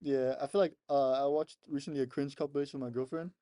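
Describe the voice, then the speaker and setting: A man's voice: medium pitch, steady tone, fast talker, dark tone, no echo. A young man co-hosting a podcast, chatting casually and laughing often as he retells funny clips. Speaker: podcast co-host. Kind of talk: casual chat.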